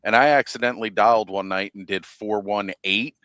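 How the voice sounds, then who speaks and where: A man's voice: lowish voice, steady tone, a little fast, a bit bright, no room sound, muffled recording. Joking male live stream host. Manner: jokey, laughs at his own stories. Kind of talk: casual chat, storytelling.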